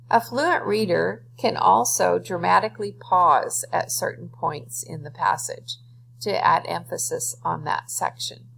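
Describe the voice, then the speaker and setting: Woman teacher, unhurried and gravelly, careful classroom delivery with a faint hum behind. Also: fairly low pitch, poor audio. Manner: slow, careful teacher explaining to students. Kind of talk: reading lesson with a poem read aloud.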